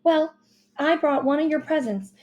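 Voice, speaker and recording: A woman voicing a hurried, upbeat mother who speaks brightly and with emphasis. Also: high-pitched, voice pushed up, natural voice. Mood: urgent.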